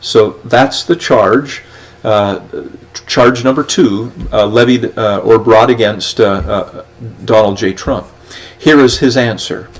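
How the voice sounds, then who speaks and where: A man's voice: on the low side, rough recording. Plainspoken man reading legal text. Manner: plainspoken, halting with many fillers and restarts. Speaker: podcast host. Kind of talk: reading and explaining legal documents.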